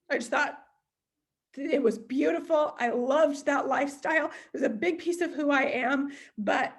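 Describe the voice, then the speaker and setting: High-voiced woman giving a chatty team pep talk. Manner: casual and chatty, acts out inner voices; open and emotional. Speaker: sales team leader. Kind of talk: motivational team meeting talk.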